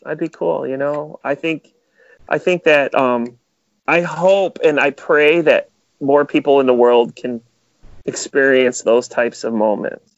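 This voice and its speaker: A man's voice: medium pitch, unhurried, no echo, highs cut off. A man music producer chatting in an interview, telling stories animatedly with lots of filler words. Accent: Metro Detroit. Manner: animated storyteller, many "like" fillers. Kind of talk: casual interview chat.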